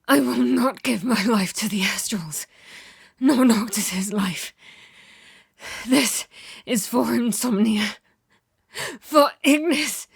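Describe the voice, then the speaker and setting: A woman's voice: fairly high pitch, slow pace, a bit bright, dry recording, clean studio sound. A woman acting a grieving, defiant young royal in a fan audio drama, speaking in solemn declarations.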